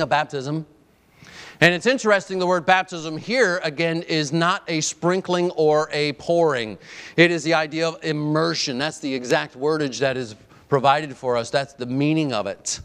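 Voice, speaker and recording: A man delivers an emphatic sermon, hammering his points home through repeated phrases. His voice sits a little high for a man. Long reverb trails each line through the church hall. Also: a bit bright, clear, resonant tone. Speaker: preacher.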